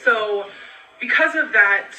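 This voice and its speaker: A tired woman talking in a casual home vlog, rambling and halting with many ums. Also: mid-range voice, pushed and bright, reverberant, recorded from a distance, a little hiss or hum, poor audio. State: tired, low on energy. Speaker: vlogger in a clip being reacted to.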